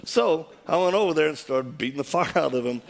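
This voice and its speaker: A man telling a personal story in an animated way, acting out the quoted voices and laughing as he goes. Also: fairly high pitch, fairly quick, gravelly.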